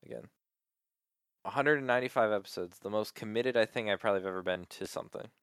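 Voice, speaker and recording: A young man co-hosts a podcast in loose, rambling chat, full of "like" and restarted sentences. His voice sits low and smooth. The recording is dry and close, with no room sound. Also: quick pace, fairly bright tone, dry recording. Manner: rambling, filler-heavy, frequent restarts. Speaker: podcast co-host. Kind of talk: casual chat.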